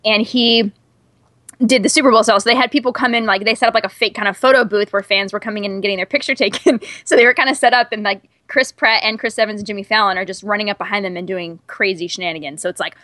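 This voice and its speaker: A woman's voice: mid-range voice, fast talker, sharp tone, no echo, clean studio sound. A woman co-hosting a podcast, telling stories in casual chat full of fillers. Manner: chatty, storytelling, lots of fillers. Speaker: podcast co-host.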